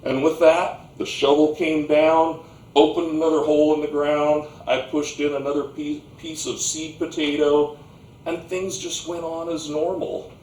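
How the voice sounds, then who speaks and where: A man tells a comic story on stage at an unhurried, deliberate pace. His voice carries from a distance across a roomy theatre, with a faint hiss underneath. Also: on the high side, flat delivery, a little mellow. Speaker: stage actor performing a monologue.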